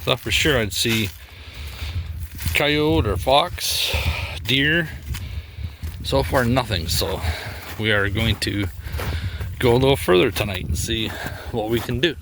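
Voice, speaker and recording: A man's voice: mid-range voice, slow, long pauses, background noise. A man casually vlogging while walking through snowy bush, rambling with fillers and getting out of breath. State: out of breath in deep snow. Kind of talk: casual outdoor vlog.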